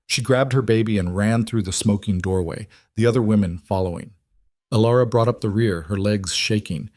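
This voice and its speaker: A man narrating a fantasy romance audiobook in a steady storytelling way. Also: fairly low pitch, dry recording, clean studio sound.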